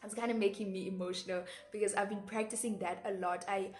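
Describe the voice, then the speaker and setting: A woman's voice: medium pitch, steady tone, quick pace. A woman in her twenties with a South African Xhosa accent, giving earnest, reflective life advice to camera in a casual vlog, often repeating words and slipping into Xhosa phrases. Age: 20s. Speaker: vlogger. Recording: echoey room with faint background music.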